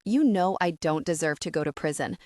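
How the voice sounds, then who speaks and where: A woman's voice: deep voice, animated, a little fast, a little mellow, no echo, studio quality. A woman voicing a remorseful young man who begs desperately, in an audiobook reading. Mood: pleading.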